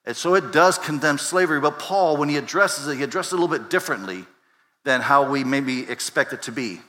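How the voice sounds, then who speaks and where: A man's voice: a little high, lively intonation, brisk, pushed and bright. Man preaching in a reverberant hall. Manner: conversational preaching with many restarts and rhetorical questions. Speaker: pastor. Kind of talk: sermon. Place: church sanctuary.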